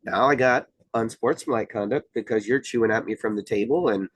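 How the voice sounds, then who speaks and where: Man, middle-aged, from Iowa, official explaining calmly, mid-pitched voice, dry close sound. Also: slightly rough, dry recording. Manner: measured, explanatory, many fillers. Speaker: wrestling official, guest. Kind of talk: casual podcast conversation.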